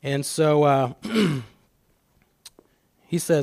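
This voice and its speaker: This middle-aged man's voice is fairly high and creaky, with a measured pace, frequent pauses and no echo. Speaking as a church guest speaker on fatherhood, he tells personal stories with many restarts.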